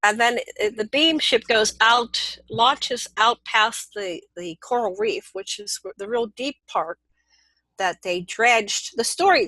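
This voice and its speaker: An older woman telling a long personal story as an interview guest, lively and animated with laughs, restarts and quick asides. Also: medium pitch, no room sound, low-quality recording. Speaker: interview guest recounting experiences.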